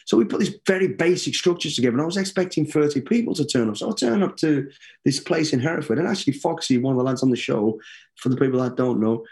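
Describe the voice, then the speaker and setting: A middle-aged man, a guest in an interview, telling stories in a lively way, swearing freely and acting out what people said. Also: on the high side, fast. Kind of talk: casual interview storytelling.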